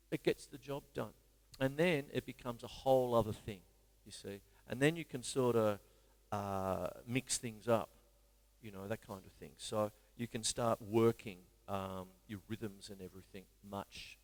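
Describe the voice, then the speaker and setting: A man's voice: mid-range voice, no room sound, long reverb tail. A man with an Australian accent hosting a casual live-stream drum lesson, chatty and rambling with self-mocking asides. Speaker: drum teacher and show host.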